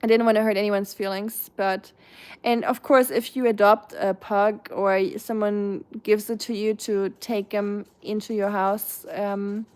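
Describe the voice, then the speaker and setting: A young woman with a German accent chats casually on a live stream, answering viewers' comments one by one. She rambles in a relaxed, unscripted way, filling her pauses with "um" and "like" and often restarting her sentences. Her pitch sits in an ordinary middle range for a woman. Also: smooth. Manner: chatty, rambling, many fillers and restarts. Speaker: live streamer reading chat.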